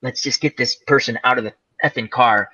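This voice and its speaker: Male chat host, husky and bright, animated storyteller who jumps between voices. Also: medium pitch, brisk, muffled recording. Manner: animated, laughing storyteller, acts out quoted voices.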